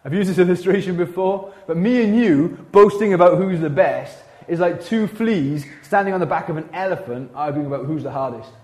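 A Welsh man delivers a lively sermon in a church, mixing casual slang with quick asides. He sits a little higher in pitch than most men and keeps things conversational. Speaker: pastor.

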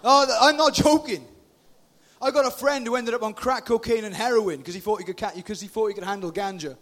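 A man in his forties giving an informal, lively youth sermon into a PA microphone in a meeting hall, sometimes breaking into shouts. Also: sits high, brisk. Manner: chatty, lively, bursts into shouting. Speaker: youth speaker.

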